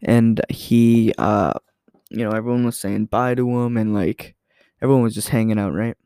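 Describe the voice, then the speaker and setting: A man's voice: lowish voice, steady tone, normal speed, mellow, clear, resonant tone, dry recording, studio quality. A young man hosting a podcast, telling stories in a rambling, casual way with lots of fillers and self-corrections. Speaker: podcast host. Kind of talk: casual storytelling monologue.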